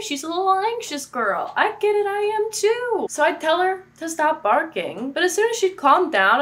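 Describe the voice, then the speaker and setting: A woman's voice: sits high, fairly bright tone. A woman hosting a faith vlog from her apartment, chatting casually with jokey, playful asides. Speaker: faith video host.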